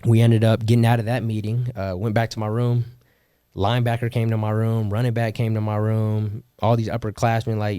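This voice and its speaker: A man's voice: lowish voice, little pitch movement, brisk, warm tone, smooth, no room sound, studio quality. A young man from California, a podcast guest, telling his story in slangy, casual talk with swearing and bursts of laughter. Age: young adult. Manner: slangy, swears, laughs often, quotes people.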